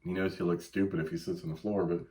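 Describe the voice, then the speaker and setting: A podcast co-host tells stories in casual conversation, an animated storyteller who swears freely. His voice sits low and he talks fast.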